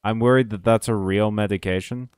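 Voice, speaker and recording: A man's voice: on the low side, fairly even intonation, fairly quick, darkish tone, smooth, no room sound, studio quality. A man streaming a game, chatting casually with viewers, joking and swearing as he plays. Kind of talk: casual gameplay commentary.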